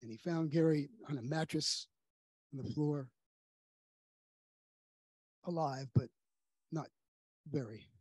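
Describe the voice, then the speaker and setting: Male pastor, earnest sermon storyteller with a higher, husky voice that hushes for grave moments. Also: slow pace, long pauses, dry recording. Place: church sanctuary.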